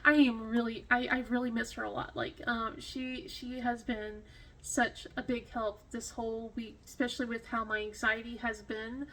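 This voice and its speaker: High pitched lady vlogger rambling on, um like uh, gets emotional, laughs a lot. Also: flat delivery, moderate pace, sharp tone. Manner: rambling storytelling with many fillers and restarts. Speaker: crafting vlogger. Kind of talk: casual chat.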